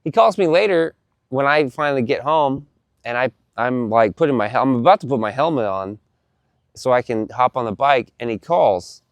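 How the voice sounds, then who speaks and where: A man casually telling a story to the camera, animated and profane, often repeating himself. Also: mid-range voice, moderate pace, no room sound.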